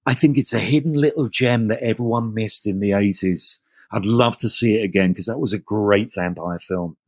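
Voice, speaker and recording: A middle-aged man talking as a guest on a podcast, his voice sitting a bit low. He chats in a loose, self-deprecating way, looping back to restart his phrases. The sound is dry and close. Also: normal speed, darkish tone, no echo. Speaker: actor guest. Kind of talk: casual interview chat.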